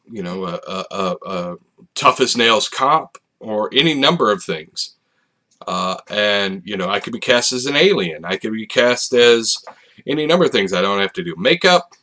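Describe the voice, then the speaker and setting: Slow, bright-toned man rambling to camera. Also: lowish voice. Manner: rambling and hesitant, with many fillers and restarts. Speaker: video channel host. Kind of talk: casual late-night ramble to camera. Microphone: facing a camera.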